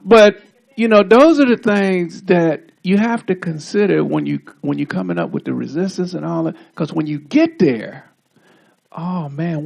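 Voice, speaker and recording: A man with a gravelly, somewhat high voice tells a long, laid-back story to a crowd outdoors. He drawls along with plenty of asides. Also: normal speed, a little mellow. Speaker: honoree giving a speech. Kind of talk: casual storytelling speech. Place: outdoor street ceremony.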